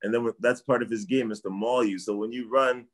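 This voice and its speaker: Speaking briskly in a mid-range voice with fairly even intonation, this middle-aged martial arts trainer from Canada is a guest in a casual sports chat. His talk meanders and circles back on itself, often ending in "I don't know."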